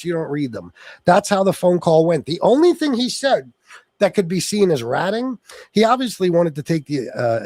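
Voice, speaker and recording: A man's voice: a little high, darkish tone, no room sound. A man hosting a political livestream, reading chat and ranting angrily with lots of swearing. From Sicilian heritage. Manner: angry, profane ranting at viewers.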